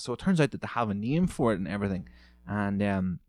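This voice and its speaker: A man's voice: on the low side, lively intonation, fast, a little mellow, no echo, clean studio sound. A man hosting a podcast, delivering a rambling, profane, sarcastic comedic rant on his own. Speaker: podcast host.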